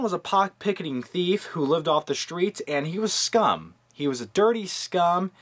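A man in his twenties rambling and joking through a casual movie countdown vlog, with lively asides to his viewers. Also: on the high side, normal speed, few pauses. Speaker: movie-review vlogger.

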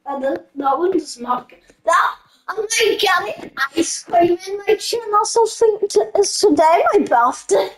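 A young woman giving chatty, giggly commentary while playing a video game, easily excited and laughing often. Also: high-pitched, slow, pauses often, rough recording. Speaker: gamer. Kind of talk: casual gameplay commentary.

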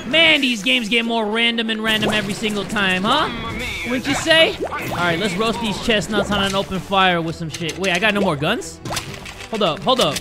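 A man doing let's play commentary as a gaming YouTuber, joking crudely and yelling at the game. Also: sits high, expressive, brisk, over music.

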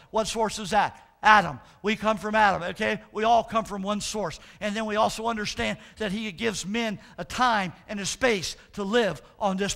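Brief: pastor preaching, very high for a man, bright edge, emphatic and repetitive. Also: creaky. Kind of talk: sermon.

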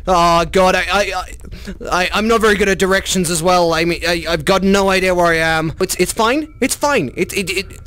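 A gaming YouTuber playing a VR horror game, chatty and swearing, who talks to the monsters in a mock bro voice and shrieks when scared. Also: male voice, sits high, moderate pace, fairly bright tone, clear, resonant tone. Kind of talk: comedic VR horror let's play.

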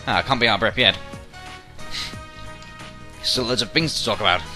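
A young man commentates on a game from his bedroom at home, let's-play style, with faint music behind him. His fairly low voice is pushed and bright at a normal speed. He rambles, jokes around and slips into silly voices.

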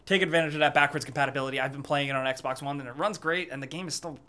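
A young man hosting a weekly gaming news roundup, talking in an energetic, chatty way and swearing casually. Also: a little high, rapid-fire.

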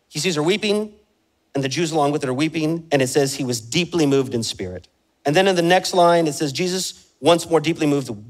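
A male pastor preaching a passionate sermon in a voice pitched a little higher than most men's. He swings between rising emphasis and quieter stretches, and he keeps turning to the congregation with direct questions. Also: rough recording. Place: church sanctuary.

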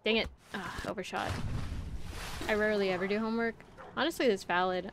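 A woman's voice: medium pitch, quick pace, background noise. A young woman streaming a climbing game, chatting casually and rambling to her viewers, swearing when she gets frustrated. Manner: talks to chat while playing. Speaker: VTuber streamer. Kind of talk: casual gameplay livestream chat.

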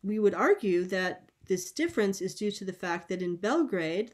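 A woman lecturing on linguistics at an academic colloquium, speaking in a measured, explanatory way with frequent pauses and ums, over a video call. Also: medium pitch. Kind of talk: academic conference talk.

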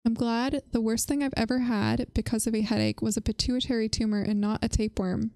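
A woman's voice: a little high, fairly even intonation, a little fast, mellow, dry recording. Giggly, chatty woman streamer. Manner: giggly, chatty, answers chat messages. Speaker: livestream host. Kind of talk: casual livestream chat.

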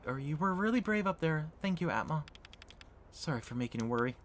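Calm, gentle teenage boy, read by a streamer in a near-normal voice, animated tone. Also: mid-range voice, a little fast, slight background noise, natural voice. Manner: calm, apologetic. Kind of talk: game dialogue read aloud.

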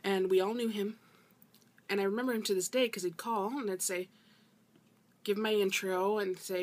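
A woman's voice: mid-range voice, steady tone, moderate pace, pauses often. A woman vlogger ranting about customer service, emphatic and exasperated, often repeating herself for emphasis. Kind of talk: casual ranting vlog.

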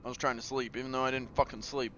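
Man, game streamer, live commentary, sharp bright tone, swearing, playful taunts. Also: mid-range voice, fast, lo-fi sound, slight background noise. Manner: profane, excitable, playful taunting of enemies.

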